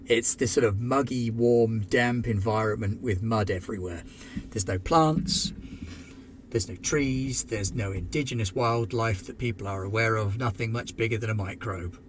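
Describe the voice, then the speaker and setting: A man's voice: fairly low pitch, normal speed, noisy background. Man narrating as game master.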